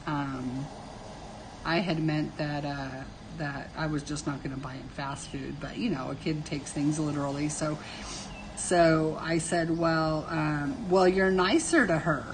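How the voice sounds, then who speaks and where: A woman's voice: sits low, fairly even intonation, measured pace, background noise. A middle-aged woman hosting a casual live stream, telling family stories with frequent laughter and answering viewers' comments.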